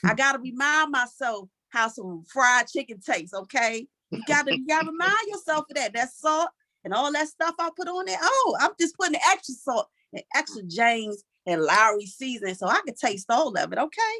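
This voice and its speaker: A woman in her forties with a Washington, D.C. accent, doing a stand-up comedy set in a sassy, animated way that keeps tagging lines with "okay?". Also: high voice, moderate pace, dry recording. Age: 40s.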